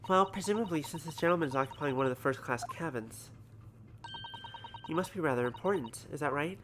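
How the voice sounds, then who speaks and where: A man's voice: fairly high pitch, brisk. Casual streamer guy reading game text, jokey, swears a bit, noisy background. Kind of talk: let's-play commentary and reading game dialogue aloud. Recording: background noise from home stream setup.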